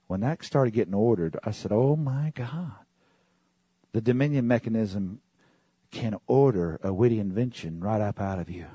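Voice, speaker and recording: Husky, animated male preacher. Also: no room sound. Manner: animated, rising to high excited exclamations. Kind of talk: sermon.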